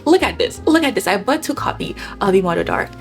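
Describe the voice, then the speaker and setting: A young woman vlogger chatting casually and gushing about books, swinging from low murmurs to excited bursts. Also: quick pace, music in the background. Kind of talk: casual chat.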